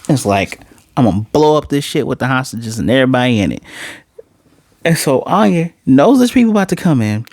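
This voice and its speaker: Animated casual male anime reviewer. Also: medium pitch, dry recording, clean studio sound. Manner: animated storytelling with quick character voices and slang. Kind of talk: casual episode recap.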